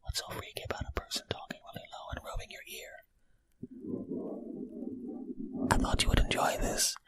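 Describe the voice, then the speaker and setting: A man voicing an odd street tough in a whispered role-play, his voice a soft, breathy whisper with a slow, hushed, intimate delivery. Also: lightly acted.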